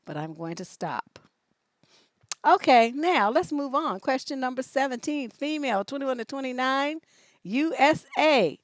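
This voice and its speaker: Blunt, profane woman with a high voice. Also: animated, a little slow, no echo. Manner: blunt and profane, joking, reads questions aloud. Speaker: relationship coach answering viewer questions. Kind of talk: casual livestream advice chat.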